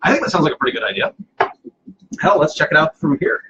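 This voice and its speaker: A man's voice: fairly high pitch, big pitch swings, fast talker, bright, forceful tone, lo-fi sound. A man hosting a casual live cocktail stream from home, playful and self-mocking, rambling with fillers. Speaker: cocktail show host.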